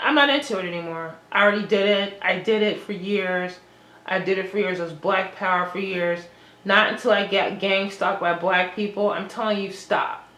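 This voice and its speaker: A woman's voice: medium pitch, fairly bright tone, reverberant, low-quality recording. A woman vlogging in an agitated, rambling monologue, swearing often and restarting her sentences. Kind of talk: unscripted monologue to camera.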